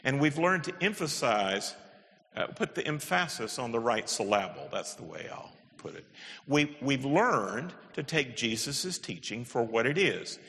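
A man's voice: mid-range voice, animated, measured pace, bright, forceful tone. A man giving an emphatic lecture, with wry asides and stressed key words. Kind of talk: animated lecture on the Bible. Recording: echoey hall with long reverb.

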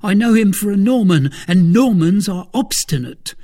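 A man's voice: sits high, expressive, normal speed, mellow, pitched above the performer's own voice. A man voicing a loyal, sturdy male servant who speaks bluntly and eagerly.

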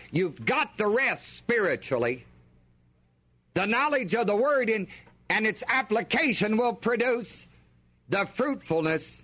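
A man's voice: high voice, fairly bright tone. A male preacher delivering an emphatic sermon, reading scripture aloud and drawing the congregation in with questions.

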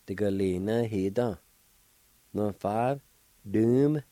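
A man teaching words on air at an unhurried, deliberate pace, spelling each one out letter by letter. His voice is low and mellow, recorded dry and close with no room sound around it. He speaks patiently and encourages his listeners. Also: no echo. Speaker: language radio show host. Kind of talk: slow spelling and pronunciation lesson.

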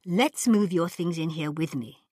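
A woman voicing a brisk, efficient young companion in a brusque manner. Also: lowish voice, darkish tone, husky, no room sound, clean studio sound.

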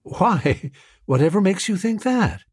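A man's voice: sits high, big pitch swings, unhurried, darkish tone, husky, no room sound, studio quality, voice pushed up, full character voice. A man voicing a polite, reserved young woman who used to act on stage. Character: young woman, former actress, composed.

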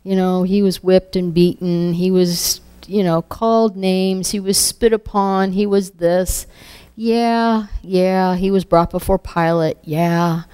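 A woman giving an emotional spoken testimony, halting and repeating her words, sometimes dropping to a hush. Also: fairly low pitch, fairly even intonation, smooth.

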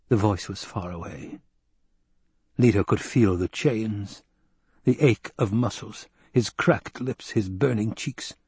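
A man narrates an audiobook in a measured, steady way, with a husky tone. The sound is close and dry, with no room around it. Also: fairly low pitch, dry recording. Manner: measured storytelling. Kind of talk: scripted narration.

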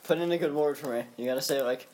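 Excitable stammering game player. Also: mid-range voice, fast, heavy background noise. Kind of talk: casual tabletop play.

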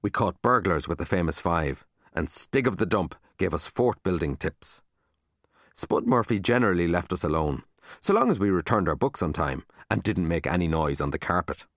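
A man narrating a children's book aloud in a lively, expressive storytelling manner, close to the mic. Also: deep voice, normal speed, no room sound. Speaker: audiobook narrator.

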